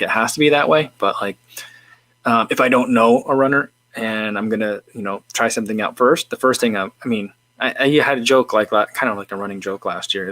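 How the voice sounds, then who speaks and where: A man chatting on his livestream in a loose, rambling way, full of fillers and restarts as he eats and answers questions. His voice sits at an ordinary middle pitch. The sound is dry and close, with no room echo. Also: bright, forceful tone. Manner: eating while talking. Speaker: livestream host. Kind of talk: casual livestream chat.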